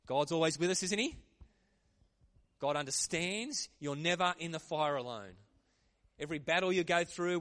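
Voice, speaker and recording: A man preaching a sermon in a lively, conversational way. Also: fairly high pitch. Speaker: pastor.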